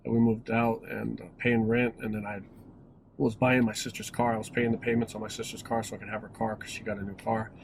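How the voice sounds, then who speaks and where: A man's voice: fairly low pitch, flat delivery, brisk, vocal fry, background noise. A man in his forties telling a personal story in a casual, rambling way, with many restarts and self-corrections. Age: 40s. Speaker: vlogger.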